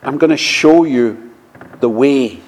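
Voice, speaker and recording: A man preaching a sermon, speaking slowly and measuredly, often quoting scripture. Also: medium pitch, darkish tone. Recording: long reverb of a large hall.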